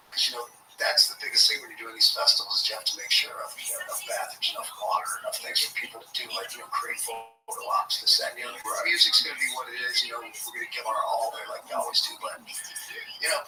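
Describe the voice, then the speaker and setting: A man's voice: medium pitch, echoey room, distant mic, noisy background. A man talking in a casual podcast chat, ranting and swearing freely. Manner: profane, ranting. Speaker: musician guest.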